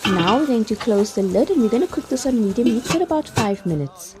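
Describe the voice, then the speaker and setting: With a fairly high pitch and lively intonation, a woman moves fairly quickly through a chatty cooking tutorial voice-over. Background music plays as this cooking vlogger gives step-by-step instructions with light laughs.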